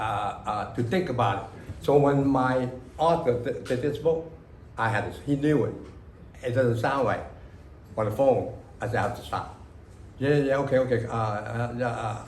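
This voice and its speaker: A man speaks at a medium pitch, rambling through his memories in halting, broken sentences thick with fillers. He talks to an audience in a library room, and the sound echoes noticeably around him with a faint hiss behind it. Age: 60s. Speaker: author at a book reading. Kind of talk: casual spoken memories to an audience.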